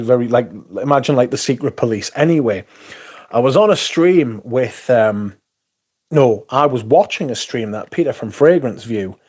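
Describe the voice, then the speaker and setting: A man's voice: mid-range voice, a little mellow. Foul-mouthed ranting man. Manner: profane, ranting, rambling. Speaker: livestream host. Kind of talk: casual livestream chat.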